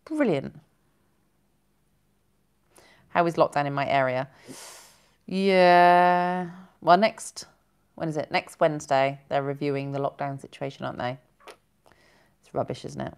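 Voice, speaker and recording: A woman's voice: sits low, moderate pace, pauses often, clear, resonant tone. A woman hosting a casual live stream, chatting and giggling as she reads out viewer comments. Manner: chatty and giggly, rambling with self-corrections.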